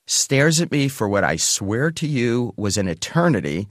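A man telling a spoken personal story about his career, animated and acting out the voices of people he quotes. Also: mid-range voice, moderate pace, no room sound, clean studio sound, soft background music.

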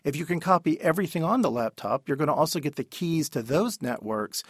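A man answering questions as an expert guest in a radio interview, explaining at a measured pace with the odd filler. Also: a little high, expressive, slightly rough, no echo, studio quality.

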